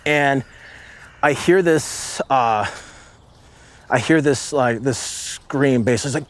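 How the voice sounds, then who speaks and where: A man in his late thirties, a former marine sniper, telling a story in casual conversation, rambling with lots of "like" and acting out shouts. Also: medium pitch, takes it slowly, pauses often, no echo. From United States. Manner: rambling, with many "like" fillers and vivid acted-out shouts.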